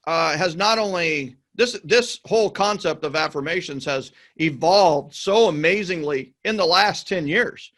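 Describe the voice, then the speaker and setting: A man's voice: a little high, a little slow, hardly any pauses, a bit bright. A man hosting a podcast, asking questions with enthusiasm, often repeating words and urging his listeners on. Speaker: podcast host. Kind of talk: conversational interview.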